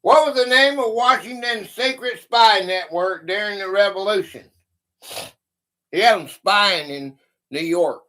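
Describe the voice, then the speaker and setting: Male stream host, bright and slow-paced, greeting viewers by name as he reads out quiz questions. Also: sits high. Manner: chatty, greets viewers by name, thinks aloud. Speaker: livestream host. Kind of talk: casual livestream chat.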